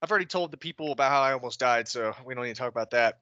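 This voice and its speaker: A young man co-hosting a podcast, animated and profane as he tells army stories with laughs. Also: medium pitch, very fast, dry recording, lo-fi sound. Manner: animated storyteller, swears freely, laughs while talking. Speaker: podcast co-host. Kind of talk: casual chat, swapping army stories.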